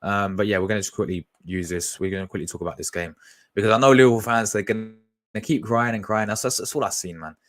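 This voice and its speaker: Slangy young man with a low voice. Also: quick pace, no echo. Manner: animated, slangy, repeats words. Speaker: live stream host. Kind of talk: casual fan live stream chat.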